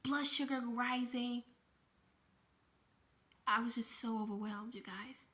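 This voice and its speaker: A woman's voice: a little high, fairly even intonation, slow pace, bright, forceful tone. A woman vlogger telling an emotional personal story, shaken and grieving, in a breathless retelling with frequent swearing.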